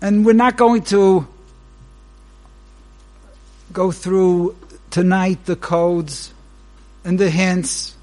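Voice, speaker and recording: A man, a rabbi, giving a Torah lecture that opens with a joke, speaking unhurriedly and pausing between short phrases. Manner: animated storyteller whose pitch leaps while telling a joke.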